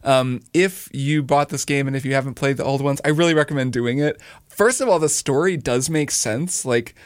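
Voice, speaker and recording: Guy on a podcast riffing about a game, chatty and jokey, mid pitch, dry close mic. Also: no room sound. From United States. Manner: chatty and animated, quick to joke. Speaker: podcast co-host. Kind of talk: casual chat.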